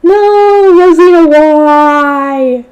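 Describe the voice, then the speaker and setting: A woman's voice: fairly high pitch, lively intonation, a little fast, a little mellow, lo-fi sound, close to an everyday voice. A woman voicing a flustered, hesitant young girl shrine maiden in a light novel read-aloud.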